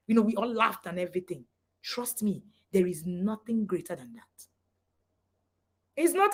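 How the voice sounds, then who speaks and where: A woman's voice: a little high, very animated, normal speed. A middle-aged woman, a parent coach giving a passionate motivational talk, swinging between emphatic lines and near-whispers.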